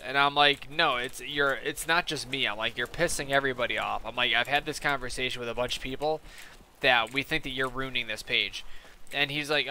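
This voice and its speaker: A man's voice: medium pitch, brisk, bright, forceful tone, a little hiss or hum. A man gaming on stream, telling a long rambling story in casual, profane talk and repeating "I'm like" between quoted lines. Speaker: gaming YouTuber.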